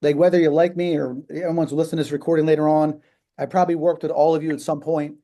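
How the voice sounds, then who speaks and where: A man's voice: on the high side, flat delivery, fast talker, warm tone. A man in his fifties hosting a live video call, talking in a rambling, emphatic way with many restarts and fillers. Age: 50s. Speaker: host of a live business call. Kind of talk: casual motivational talk.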